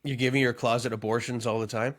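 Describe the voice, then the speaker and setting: A man's voice: mid-range voice, little pitch movement, fast, fairly bright tone. Guy with a stuffy nose, nasal voice, goofing around on a podcast. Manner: playful, riffing on wordplay. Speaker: podcast co-host. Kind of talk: casual comedy chat.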